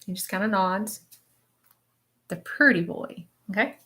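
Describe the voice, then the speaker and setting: A woman with a mid-range, bright voice speaks at a measured pace in a forceful tone. She's a spiritual medium on a live stream, describing visions in the present tense in a rambling, hesitant, searching way. She keeps checking in with listeners, tagging lines with "okay?"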